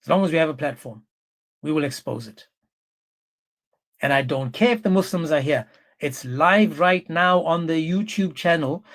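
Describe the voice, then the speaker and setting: A man hosting a livestream, talking in a forceful, scornful, repetitive way. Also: a little high, moderate pace, pauses often. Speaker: livestream host. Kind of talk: heated livestream commentary.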